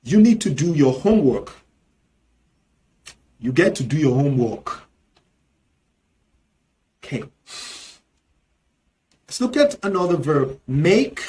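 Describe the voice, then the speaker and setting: A man with a Nigerian accent leads a language lesson at an unhurried pace, repeating words for learners. His voice sits a little high and moves up and down a lot. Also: mellow, slight background noise. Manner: repeats each example word slowly and clearly. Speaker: language teacher. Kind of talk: slow, deliberate language lesson.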